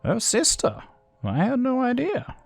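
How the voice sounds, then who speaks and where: A man voicing a scheming, smooth-talking nobleman in a video game, in a high, theatrical put-on voice with a vague accent. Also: wildly swooping pitch, measured pace, no echo, soft background music, heavily acted. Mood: flattering.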